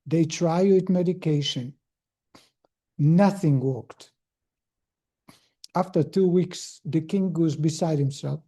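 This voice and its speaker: A man's voice: on the high side, slow, long pauses, mellow, breathy edge. A man, a rabbi, teaching a class in an informal, storytelling way with frequent restarts. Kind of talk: conversational lesson with a parable.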